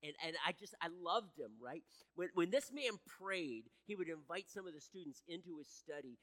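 A man's voice: a little high, expressive, moderate pace, a bit bright. Man preaching in an echoey hall. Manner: earnest preaching, building in intensity, with frequent restarts. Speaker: pastor. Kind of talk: sermon. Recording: echoey hall with long reverb.

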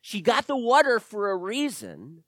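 A man pastor preaching and reading scripture aloud, hammering points home by repeating them. His pitch leaps around animatedly and sits fairly high. The recording is dry and close. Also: huge pitch swings, measured pace, no room sound. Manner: emphatic, repeats phrases for stress.

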